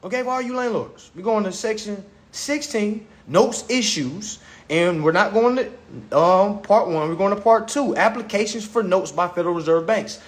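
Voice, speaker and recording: This livestream host, filming on his phone, rants casually with a profane, mocking lecture that keeps repeating itself. His voice is high-set and runs at normal speed.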